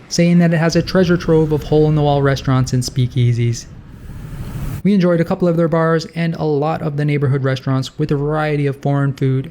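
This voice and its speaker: A man reading a scripted travel voice-over with a relaxed, wry manner. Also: on the high side, slight background noise. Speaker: travel vlogger.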